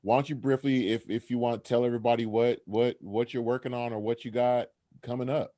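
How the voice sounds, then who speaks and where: A man's voice: medium pitch, fairly even intonation, brisk, warm tone, no room sound. A man hosting an online video talk who moves his guest along with short, easygoing prompts. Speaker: host.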